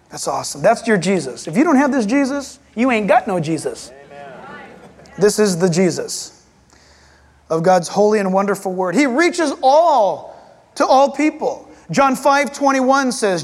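A man preaching a sermon as pastor, animated and acting out voices and jokes. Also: extremely high pitch. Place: church hall. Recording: reverberant hall.

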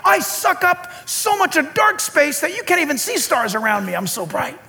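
A man voicing a proud, exuberant male star that shouts its praise across the sky. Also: very high voice, big pitch swings, moderate pace, in a large hall, soft background music, voice pushed up, full character voice. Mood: exultant. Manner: shouting, exclamatory.

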